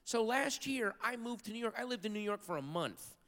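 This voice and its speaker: Animated stand-up comic, bright and high. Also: male voice, fairly quick. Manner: animated storytelling, sudden shouted outbursts. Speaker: stand-up comedian. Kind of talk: stand-up comedy routine. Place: large theater stage with live audience. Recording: live hall recording with crowd.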